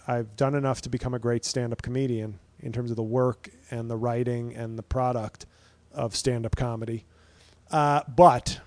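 A man's voice: mid-range voice, no room sound. A man in his thirties, a stand-up comedian hosting his own podcast, rambling through a profane, wry solo monologue.

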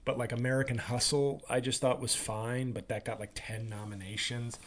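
On his own podcast, a man delivers a casual solo monologue, rambling sarcastically, swearing freely, griping about movies, and mocking actors with put-on voices. His voice is medium-pitched with little pitch movement, at a moderate pace.

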